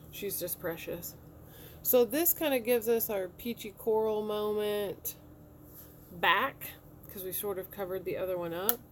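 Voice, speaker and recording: A woman in her thirties talks casually through her makeup routine step by step, chatty and easygoing. Her voice sits at an ordinary middle pitch. A faint background noise runs under the recording. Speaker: beauty vlogger. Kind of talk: casual makeup tutorial talk. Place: home room.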